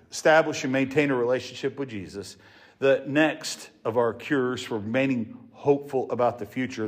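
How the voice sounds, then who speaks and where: A man preaching a sermon to his congregation in an earnest, emphatic way. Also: medium pitch. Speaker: pastor.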